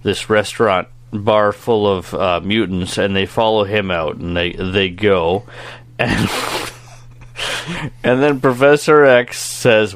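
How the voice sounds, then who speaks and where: A man's voice: on the low side, takes it slowly, no echo. A man co-hosting a casual cartoon review podcast, joking, rambling and laughing often. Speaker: podcast co-host.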